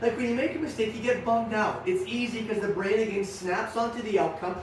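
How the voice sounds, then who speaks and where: A middle-aged man giving an energetic motivational talk to young riders as their coach, telling stories and acting out the dialogue. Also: high-pitched, a little fast, hardly any pauses, slight background noise. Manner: energetic, storytelling, acts out dialogue. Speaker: riding coach. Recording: echoey room, far from mic.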